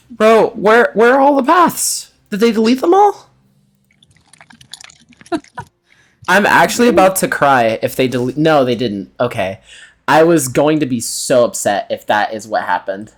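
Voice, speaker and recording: A man's voice: medium pitch, sing-song, unhurried, long pauses. A man acting as game master in casual chat before a session, laughing often and swearing freely.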